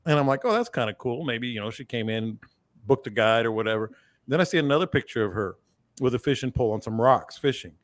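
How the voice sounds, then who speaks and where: A man hosts a fishing talk show and tells anecdotes in easy, conversational speech. His voice sits in a middle pitch and jumps up sharply when something surprises him. The recording is dry and close, with no room sound. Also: fast, no echo. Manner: animated storyteller, pitch jumps up for emphasis. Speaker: podcast host. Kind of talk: casual storytelling chat.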